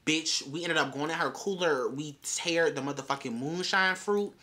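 A woman's voice: sits low, moderate pace, fairly bright tone. A young woman telling a wild story in a vlog, brash and full of swearing. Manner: brash, profane, chatty storytelling. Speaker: vlogger.

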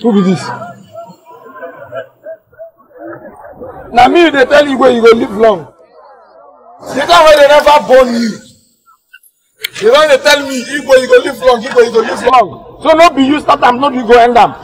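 An actor playing an angry, proud village king, who speaks Nigerian Pidgin English and shouts commands and threats. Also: very high-pitched, a little fast, rough recording. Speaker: Igwe, traditional ruler.

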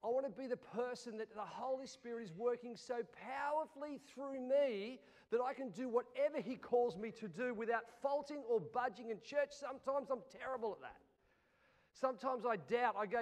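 A man preaching a sermon in an animated style, going from loud to hushed. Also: very high-pitched, moderate pace. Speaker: pastor. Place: church hall. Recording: long church reverb.

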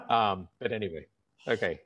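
Middle-aged male language teacher, animated and instructive, dry and close, heard over a dull lo-fi call. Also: lowish voice, slightly rough, no room sound. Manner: animated and instructive, demonstrates words aloud. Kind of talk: explanatory conversation.

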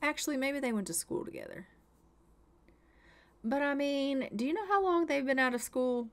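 A woman's voice: high voice, lively intonation, normal speed. A young woman giving chatty, exasperated and dramatic commentary over a life-sim game. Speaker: let's play host.

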